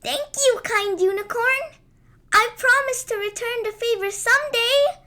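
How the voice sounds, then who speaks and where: A tiny, eager fairy girl from a storybook , put on by a woman, with a very high, squeaky little voice. She calls out in bright, pleading cries and talks slowly. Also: animated, heavily acted. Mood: grateful.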